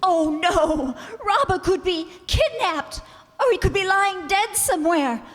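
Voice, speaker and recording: An actress playing a distraught young wife who pleads through tears in an old-time radio drama. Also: female voice, very high-pitched, animated, unhurried, in a large hall. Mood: tearful. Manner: tearful, pleading, breathless.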